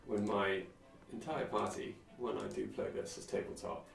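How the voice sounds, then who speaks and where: A man's voice: lowish voice, fairly even intonation, normal speed, creaky. A man streaming a video game, chatting casually with dry, sarcastic muttered asides. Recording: roomy, distant mic, faint music.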